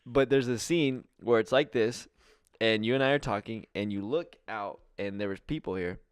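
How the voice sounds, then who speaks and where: A man's voice: fairly low pitch, moderate pace, clear, resonant tone, no room sound, clean studio sound. A young man co-hosting a casual podcast, telling stories with lots of energy and laughing often. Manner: animated storyteller, laughs often. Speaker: podcast co-host. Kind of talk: casual chat.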